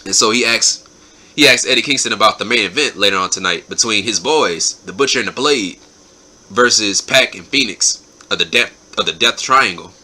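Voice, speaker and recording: A man's voice: fairly low pitch, moderate pace, bright, forceful tone. A man hosting his own show, giving a casual, enthusiastic spoken recap and often repeating his words. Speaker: show host reviewing wrestling episodes.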